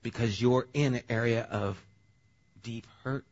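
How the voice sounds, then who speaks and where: A male pastor preaching a sermon in a conversational, animated way. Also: medium pitch, measured pace, muffled recording.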